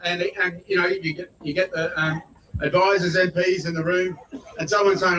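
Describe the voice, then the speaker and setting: A middle-aged Australian man, a politician giving a blunt, folksy speech at an outdoor rally that builds to shouted points. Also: high-pitched, steady tone, brisk. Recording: voice picked up from far off.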